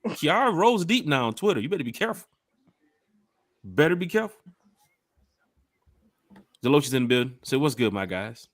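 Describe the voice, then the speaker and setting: Male podcast host, energetic shout-outs, dry close mic. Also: fairly high pitch, normal speed, pauses often, no echo. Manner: lively, hyped shout-outs. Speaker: podcast host reading live chat. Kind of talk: casual chat.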